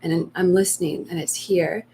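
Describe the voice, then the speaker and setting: A woman giving spiritual coaching on a live stream, speaking softly and slowly and sometimes voicing inner fears in a hushed tone. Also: lowish voice, steady tone, slight background noise. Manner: soft, slow and reflective, acting out inner voices in hushed tones. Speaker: meditation coach.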